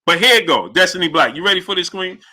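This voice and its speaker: A man's voice: high voice, fast talker. A man hosting a live boxing talk stream, greeting chatters by name and hyping his audience. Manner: animated, hypes the audience, shouts out chat names. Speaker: boxing show host. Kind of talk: livestream commentary reading chat.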